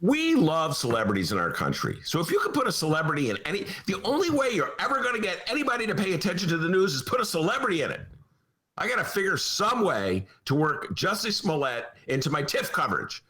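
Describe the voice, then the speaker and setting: A man's voice: sits high, huge pitch swings, fast talker, pushed and bright. A man with a Chicago accent hosting a podcast, ranting with theatrical mock outrage about local politics. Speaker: podcast host. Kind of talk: comic political rant. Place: home studio.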